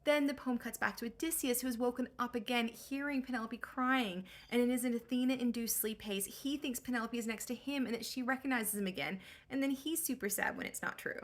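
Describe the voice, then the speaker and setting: A woman's voice: on the high side, fairly quick, few pauses. A woman recapping an old story for comedy in slangy, sarcastic valley-girl speech. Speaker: host.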